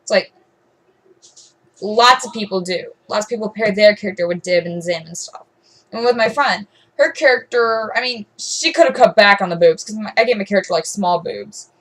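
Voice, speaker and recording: A woman's voice: medium pitch, moderate pace, low-quality recording. A teenage girl ranting to camera in a rambling, aggrieved way, full of "um"s, "like"s and restarts. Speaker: vlogger.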